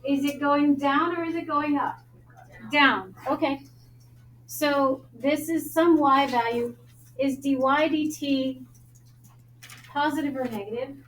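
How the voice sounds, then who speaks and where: Brisk, joking math teacher, woman, Long Island accent; roomy classroom sound with faint noise. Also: high-pitched, fairly bright tone. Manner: brisk, joking, quizzes students.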